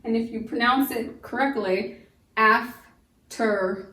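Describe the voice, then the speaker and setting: A woman teaching a phonics lesson, slowly sounding out the syllables of words. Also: on the high side, recorded from a distance. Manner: slow, stretched sounding-out of syllables. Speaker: homeschool teacher. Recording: echoey room, voice off-mic.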